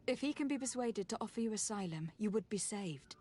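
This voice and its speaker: A woman's voice: mid-range voice, expressive, a little fast, darkish tone, lightly acted. A woman playing a composed envoy. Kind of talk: video game dialogue.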